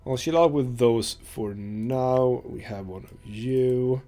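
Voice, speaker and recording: A man's voice: medium pitch, slow, mellow, soft background music. A man hosting a let's play, chatting casually and reading game dialogue aloud. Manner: chatty, rambling with fillers.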